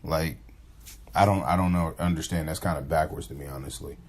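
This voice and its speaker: A man with a low-pitched voice hosts his own podcast, talking off the cuff. He rambles, restarts his sentences and slips into livelier voices when he acts out pickup lines. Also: fairly even intonation, fairly quick, a little hiss or hum. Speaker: podcast host. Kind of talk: casual monologue.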